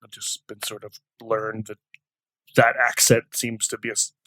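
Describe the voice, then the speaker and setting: A man's voice: lowish voice, completely flat delivery, normal speed, pushed and bright, no room sound. A man hosting a podcast, asking questions in a hesitant, thinking-aloud way full of fillers. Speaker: podcast host. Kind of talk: casual interview talk.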